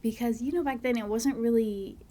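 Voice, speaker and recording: A woman, a mother, talking as a podcast guest, soft-spoken and halting, with many fillers and breathy, near-whispered stretches. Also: a little high, fairly even intonation. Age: adult, a mother. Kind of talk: casual conversation, personal storytelling.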